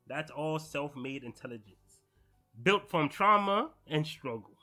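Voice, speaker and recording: A young man hosting a casual manga reaction vlog, excitable and slangy, swearing and talking straight to his viewers. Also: fairly high pitch, a little slow, soft background music.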